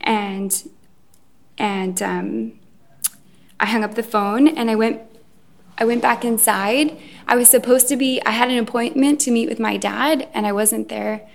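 Woman, personal testimony at a recovery meeting; hesitant, halting delivery, slightly raised pitch, some vocal fry. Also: steady tone. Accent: Irish. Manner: hesitant, many ums and restarts. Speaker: speaker sharing her recovery story. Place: event room. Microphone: recorded.

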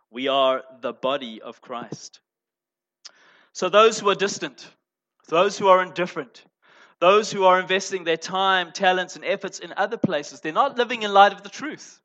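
A man preaching a sermon as pastor, emphatic, moving between loud stressed phrases and quiet asides. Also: on the high side. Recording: dull lo-fi sound.

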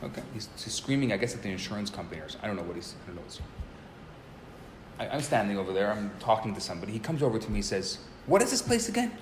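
A man in his forties, a rabbi teaching a live class, telling a story in a lively way and often restarting and repeating words. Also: lowish voice, rapid-fire. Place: classroom at a community center. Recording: roomy live recording with faint noise.

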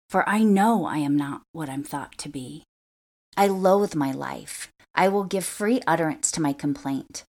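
A woman reads scripture aloud in a measured, earnest voice. Her voice sits low, with a gravelly fry running through it, and she keeps a steady, serious pace. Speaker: scripture reader. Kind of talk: scripture reading.

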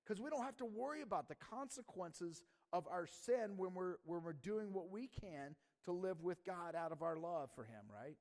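A man's voice: high voice, lively intonation, moderate pace, few pauses, a little mellow. A man preaching a sermon in a casual, conversational way, often checking in with the audience and asking "right?". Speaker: pastor.

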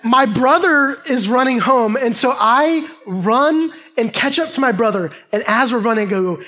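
A man's voice: extremely high pitch, animated, normal speed, hardly any pauses, sharp tone. A man delivering a sermon through a personal childhood story. He tells it with humor and animation, talking straight to the congregation. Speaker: pastor.

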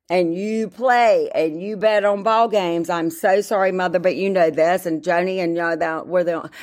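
A woman, chatting casually as a podcast host, rambling, interrupting herself and filling gaps with ums. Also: mid-range voice. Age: 50s. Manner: rambling, self-interrupting, many fillers. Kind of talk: casual solo chat.

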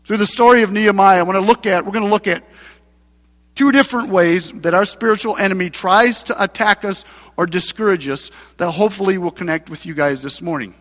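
A male pastor preaching a sermon in a church, emphatic and building to loud passages. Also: sits high, a little fast. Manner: preaching with rising, emphatic mocking voices for scripture. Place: church sanctuary. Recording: long hall reverb.

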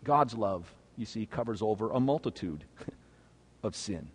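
A man preaching a sermon as pastor, swinging between loud, emphatic phrases and hushed, low ones. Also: lively intonation, unhurried, slightly rough. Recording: long reverb of a large hall.

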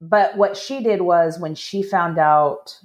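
A woman guest telling a personal story in a chatty way, with many restarts, acting out what people said in a higher voice. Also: slow pace. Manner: animated, acts out quoted voices in a higher pitch. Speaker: podcast guest.

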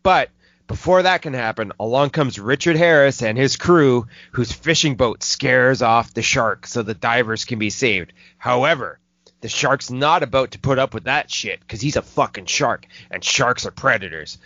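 A man hosting a casual movie review podcast, swearing a lot and rambling excitedly. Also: medium pitch, moderate pace, no echo. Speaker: film podcast host. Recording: dull lo-fi dry recording.

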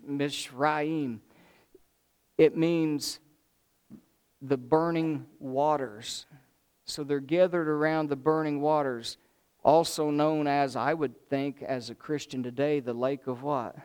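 A man preaching a sermon in an animated way, swinging from excited bursts to low, slow emphasis. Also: smooth.

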